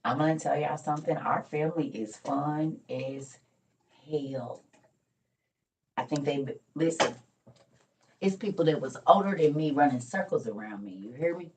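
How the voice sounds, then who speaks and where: Older woman, low voice a little off-mic, tired, chatty grandmother storyteller for a home vlog. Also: moderate pace, distant mic, a little hiss or hum, rough recording. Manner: chatty storytelling, Southern Black vernacular, calls viewers y'all and honey. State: tired and weak. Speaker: vlogger. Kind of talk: casual morning vlog chat.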